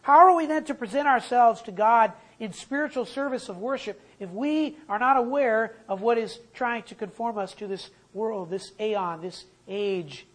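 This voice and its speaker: A preacher delivering an emphatic sermon, slowing down and repeating key phrases for weight. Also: medium pitch, poor audio.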